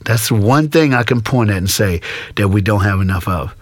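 A man's voice: fairly low pitch, animated, brisk, dry recording, clean studio sound. A middle-aged man, a school speaker, telling a story earnestly in an interview and repeating phrases for emphasis.

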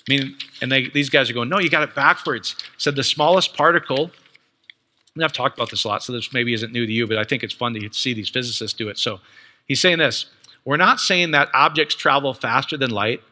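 A man preaching a casual, excited teaching sermon, quoting others and asking his listeners questions. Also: medium pitch, fairly quick, in a large hall. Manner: animated, excited, conversational, quotes others.

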